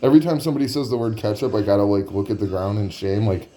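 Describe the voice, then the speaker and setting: A man's voice: lowish voice, rapid-fire, warm tone. A man telling a comic story in a rambling, profane way, full of "like" fillers.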